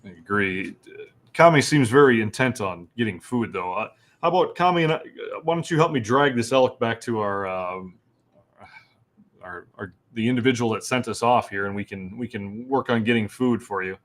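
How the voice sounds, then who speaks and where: A man as a player in a tabletop game, talking easily with some halting restarts. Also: lowish voice, animated, a bit bright. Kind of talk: casual tabletop game chat.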